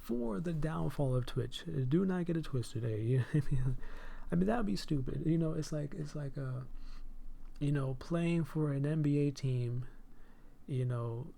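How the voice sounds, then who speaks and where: A man's voice: on the high side, normal speed, creaky, warm tone. A man hosting a live stream and podcast in casual chat, effusive, often repeating "hey" and "my dude" and laughing between phrases.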